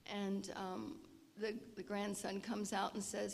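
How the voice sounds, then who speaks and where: A woman giving an informal lecture with storytelling, often clearing her throat. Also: mid-range voice, monotone, slow pace. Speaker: health presenter at a seniors' event. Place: church hall. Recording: long reverb of a large hall.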